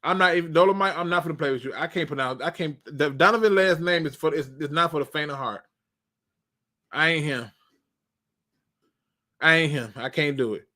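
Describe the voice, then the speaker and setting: A man hosting a live football draft stream, talking in a joking, animated, colloquial way. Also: fairly high pitch, fairly quick, long pauses. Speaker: sports show host.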